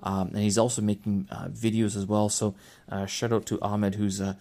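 A man who teaches English, hosting a solo podcast and talking casually. He rambles, restarts his sentences and fills pauses as he thinks aloud. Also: on the low side, level tone, mellow. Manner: rambling, with frequent restarts and filler. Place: lives in China.

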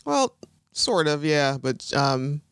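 Woman, podcast co-host, casual recap chat, lively pitch, laughs a lot, acts out quotes, dry close sound. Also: takes it slowly, smooth, no echo. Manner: laughs often, acts out characters' lines in quoted voices.

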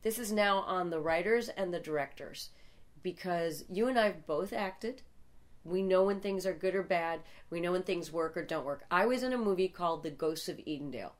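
A woman's voice: on the low side, normal speed. A middle-aged woman, guest on a casual movie review chat, joking and laughing a lot as she talks. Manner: jokey, laughs often, breaks into mock voices. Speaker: guest co-host, actress and musician.

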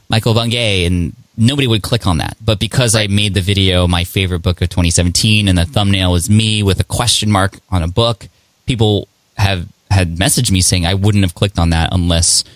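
A man hosting a podcast interview, talking in a conversational, halting way with many fillers. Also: sits low, no room sound. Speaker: podcast host. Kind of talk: casual interview.

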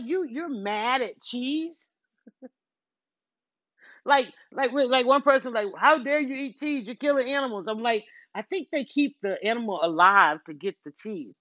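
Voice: medium pitch, a bit bright, no echo. A middle-aged podcast host and longtime blogger in a casual, reflective monologue, rambling, restarting words and quoting their own thoughts aloud. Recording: dull lo-fi dry recording.

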